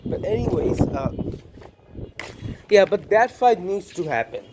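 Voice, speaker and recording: High-voiced guy ranting about fights, blunt and sweary, faint noise in the background. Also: animated, unhurried. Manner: blunt, profane, repetitive. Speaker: combat sports commentator. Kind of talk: casual opinion monologue.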